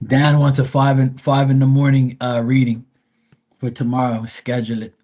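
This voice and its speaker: A man's voice: medium pitch, monotone, moderate pace, dark tone. A man chatting casually on a live tarot stream, telling rambling stories in a blunt, profane way. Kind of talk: casual livestream chat.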